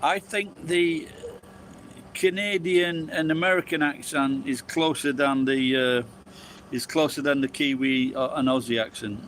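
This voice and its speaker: A man's voice: mid-range voice, fairly even intonation, measured pace, a bit bright, slight background noise. A man from Sheffield with a strong Yorkshire accent, chatting loosely with viewers in a rambling, sweary way and laughing often. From Sheffield, England. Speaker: vlogger chatting with live viewers. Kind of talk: casual chat. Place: outdoors on a street.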